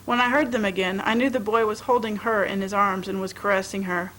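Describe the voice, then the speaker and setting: A woman reading a short story aloud as narrator, in a measured, expressive way. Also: medium pitch, slight background noise, low-quality recording. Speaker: reader at a library reading.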